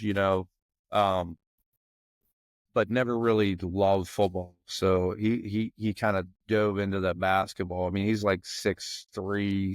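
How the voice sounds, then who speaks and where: A man's voice: fairly low pitch, dry recording. A man in his forties from the McKeesport area in Pennsylvania, a guest on a podcast, talking casually and rambling with many "you know what I mean" fillers. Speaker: podcast guest, former football player.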